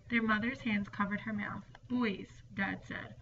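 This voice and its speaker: A woman narrates a ghost story in a hushed, storytelling way, sometimes sinking into whispers. She sits a little away from the microphone. The recording is dull, with a faint hiss underneath. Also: a little high, expressive, measured pace, distant mic.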